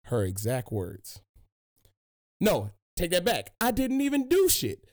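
A young man hosts a casual podcast chat, his voice swinging widely and sitting a little high as he tells profane stories. He talks loosely and animatedly, full of slang. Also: wildly swooping pitch, a little slow, a little mellow. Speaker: podcast host.

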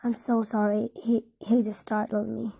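A woman reading the part of a nervous young maid in an audiobook, apologetic and hurried. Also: fairly high pitch, level tone, creaky, warm tone, breathy edge, no room sound. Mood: flustered.

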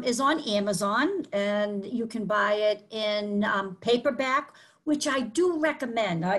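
A woman's voice: a little high, fairly bright tone. Earnest Boston woman explaining. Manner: earnest, explanatory, many fillers. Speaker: author guest. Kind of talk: interview conversation.

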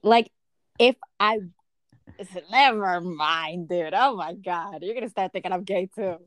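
A woman's voice: medium pitch, unhurried, no room sound, studio quality. A woman in casual chat with a friend, telling stories animatedly and acting out what people said. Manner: animated storyteller acting out texts. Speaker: friend chatting.

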